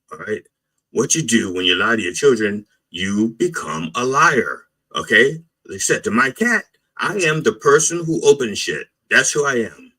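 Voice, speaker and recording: A man riffs as a mock reverend in a rambling comic monologue. His voice is bright and forceful, and his pitch swings widely. He talks bluntly and keeps checking in with "all right?" and "okay?". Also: husky, low-quality recording.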